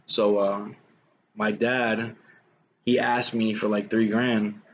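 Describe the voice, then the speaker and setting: A man's voice: on the low side, little pitch movement, slow pace, muffled recording, slight background noise. A young man telling his own life story in a casual, rambling way, full of "man" and "you know".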